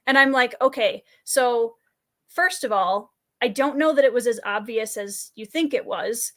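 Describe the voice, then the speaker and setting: A woman hosting a casual podcast chat, talking in a quick, chatty way and laughing easily. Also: fairly high pitch. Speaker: podcast host.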